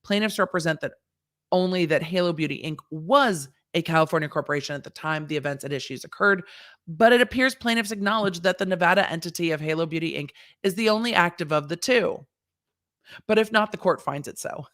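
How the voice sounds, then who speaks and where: A woman's voice: fairly low pitch, a little fast, no room sound, clean studio sound. A woman lawyer hosting a casual legal commentary, reading court papers and acting out the judge's lines with sass. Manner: animated, sassy, acts out the court's lines in quotes.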